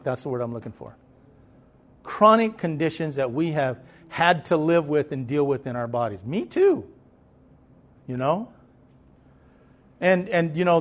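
A man preaching a sermon in a loose, conversational way, with many fillers and swells of emphasis. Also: fairly high pitch.

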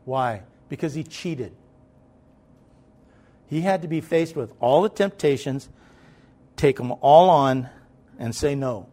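A man's voice: medium pitch, slow, long pauses, mellow. A man preaching a sermon in a loose, conversational way, with many fillers and swells of emphasis.

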